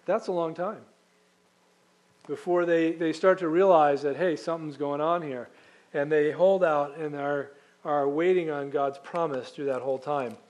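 A man's voice: a little high, steady tone, measured pace, a little mellow. A man preaching a sermon as pastor, reading scripture and explaining it in a conversational, emphatic way, asking the congregation questions.

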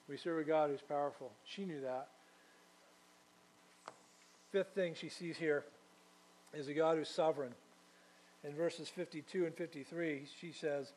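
Earnest preacher, slightly high voice. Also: male voice, a little mellow, rough recording. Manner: earnest, asks the congregation direct questions. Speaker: pastor. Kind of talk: sermon.

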